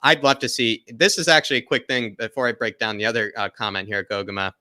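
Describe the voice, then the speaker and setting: A man's voice: mid-range voice, fairly even intonation, fast, sharp tone, dry recording, clean studio sound. A man hosting a football live stream, reading viewer comments and rambling casually with fillers and laughs. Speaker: football channel host.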